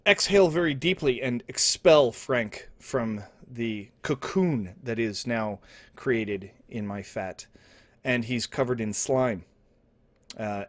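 Deadpan rambling man telling a tall tale. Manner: rambling, with restarts and asides, swinging from low mumbles to loud outbursts. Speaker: storyteller. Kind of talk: deadpan absurd comedy storytelling. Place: indoor home setup, streaming.

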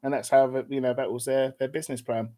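This man speaks in an easygoing way as a podcast guest, laughing easily and saying plainly what he thinks. His voice sits at an ordinary middle pitch. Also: level tone, quick pace, dark tone. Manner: easygoing, laughs often, blunt opinions. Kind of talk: casual chat.

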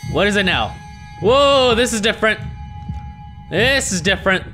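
A man's voice: high voice, animated, moderate pace, pushed and bright. Profane, jumpy young man over faint music. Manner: jumpy, sarcastic and profane, swinging from muttering to yelps. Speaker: gaming video host. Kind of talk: horror game commentary.

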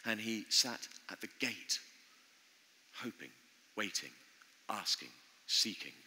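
A man's voice: fairly low pitch, animated, bright, forceful tone. Earnest preacher man in a reverberant church. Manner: earnest, conversational preaching with pauses. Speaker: pastor. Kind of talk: sermon. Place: church building.

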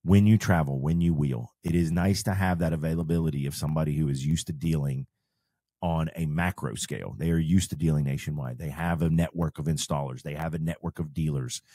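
A man's voice: extremely low pitch, steady tone, fairly quick, mellow, dry recording, clean studio sound. A man, co-hosting a podcast and explaining off-road parts step by step in casual talk. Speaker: podcast host and off-road shop owner. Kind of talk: casual advice chat.

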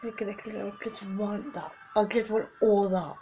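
A woman's voice: mid-range voice, fairly even intonation, moderate pace, warm tone, a little hiss or hum, rough recording. A teenage girl vlogging casually, chatty and gushing as she talks through photos on her phone. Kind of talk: casual vlog chat.

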